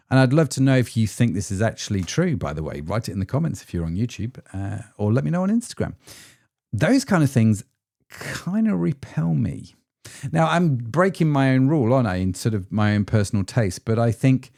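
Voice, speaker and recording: A man's voice: mid-range voice, gravelly, a little mellow, no room sound, clean studio sound. A man hosting a solo podcast as an ecommerce founder, chatty and self-deprecating, with frequent rhetorical tag questions.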